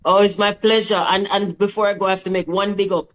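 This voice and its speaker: A woman's voice: medium pitch, steady tone, quick pace, poor audio. A middle-aged woman with a Jamaican accent speaks frankly and emphatically as an interview guest. Her talk is emotional and direct, with no sugarcoating. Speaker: guest artist. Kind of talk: candid interview on a call.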